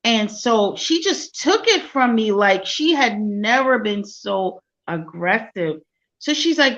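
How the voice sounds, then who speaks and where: A soft-spoken woman tells a personal story in a quiet, gentle way. The sound is a little dull and lo-fi, and her pitch sits mid-range for a woman. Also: animated, slow. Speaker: guest. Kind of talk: personal testimony in an interview.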